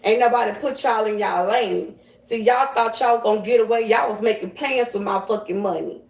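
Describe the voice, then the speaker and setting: A woman's voice: a little high, fairly quick, gravelly. A woman livestreaming as a psychic medium, ranting in a profane, confrontational, slangy way. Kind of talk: livestream rant. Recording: roomy and distant from the mic.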